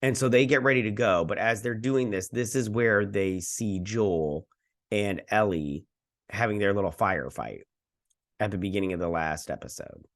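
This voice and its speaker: Man, lowish voice, casual review host, rambling, lots of ums. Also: moderate pace. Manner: rambling retelling with many fillers.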